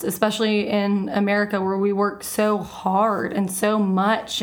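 A woman who leads a real estate team, chatting and laughing easily in a casual interview. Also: medium pitch.

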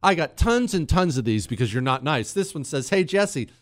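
A man's voice: fairly high pitch, big pitch swings, normal speed, no room sound, studio quality. A man hosting a talk radio show, joking and mock-indignant as he reads listener emails aloud.

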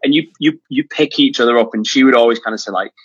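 Man, from the UK, podcast guest, animated storyteller, dry close sound, muffled lo-fi audio. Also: medium pitch, husky, no room sound. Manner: animated storyteller, quick restarts. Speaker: guest, charity founder. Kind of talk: casual podcast chat.

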